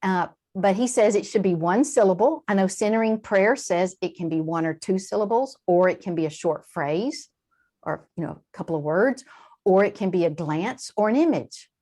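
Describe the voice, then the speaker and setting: A woman guest in an interview, explaining in a lively conversational way, with quick asides and frequent shifts in emphasis. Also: mid-range voice. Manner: animated, warm-hearted explaining with quick asides and laughs. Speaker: translator and guest.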